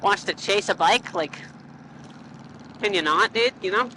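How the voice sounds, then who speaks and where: A woman's voice: medium pitch, measured pace, bright, forceful tone, a little hiss or hum, rough recording. A woman riding a motorcycle, joking and swearing through casual ride commentary into a helmet mic. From Canada. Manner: joking, profane and rambling. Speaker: motorcycle vlogger. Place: outdoors riding a motorcycle on country roads.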